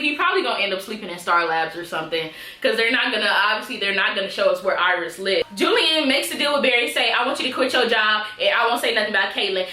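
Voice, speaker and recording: A woman's voice: a little high, bright, forceful tone, reverberant. A woman recapping a TV episode in a casual vlog, chatty and acting out the characters' lines. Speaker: TV episode reviewer.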